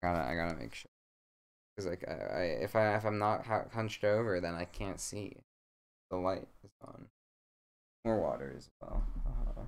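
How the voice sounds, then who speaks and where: Young male streamer, deep and smooth, reads a bedtime story at home with deadpan asides. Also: normal speed. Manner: rambling, with jokey deadpan asides. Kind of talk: casual bedtime story reading. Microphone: desk mic.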